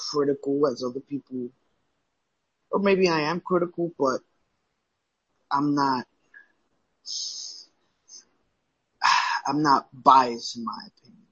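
A man's voice: mid-range voice, fairly bright tone, breathy edge, no room sound. A man co-hosting a casual wrestling chat, rambling and cursing freely, often restarting his sentences. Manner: loose, profane, rambling with restarts. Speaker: podcast co-host. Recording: dull lo-fi audio.

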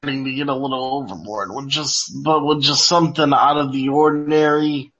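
A man's voice: medium pitch, fairly even intonation, brisk, a bit bright. A man co-hosting a casual wrestling chat, laid-back and drowsy, laughing easily. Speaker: podcast co-host. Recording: dull lo-fi audio.

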